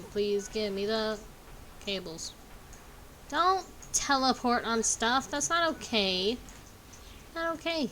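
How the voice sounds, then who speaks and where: Slow-talking young woman humming through gameplay. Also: on the high side, expressive, bright, forceful tone, a little hiss or hum. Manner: hums along while playing, dry and sarcastic. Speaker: streamer playing a game. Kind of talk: casual gameplay chat.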